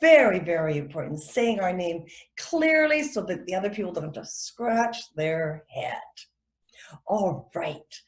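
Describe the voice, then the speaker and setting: Lively woman teaching etiquette, echoey room. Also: fairly low pitch, measured pace. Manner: animated, acts out quoted voices. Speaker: etiquette instructor. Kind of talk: friendly teaching talk to children and parents.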